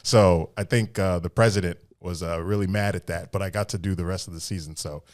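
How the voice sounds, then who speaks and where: A man's voice: sits low, steady tone, a little fast, a little mellow, no room sound, clean studio sound. A man co-hosting a podcast, joking and laughing easily in casual chat. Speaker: podcast co-host.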